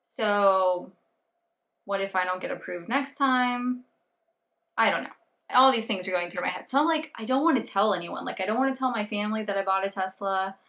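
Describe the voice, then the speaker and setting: A young adult woman vlogging casually, telling a story in an animated way and acting out her own thoughts and what others told her. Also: medium pitch, normal speed.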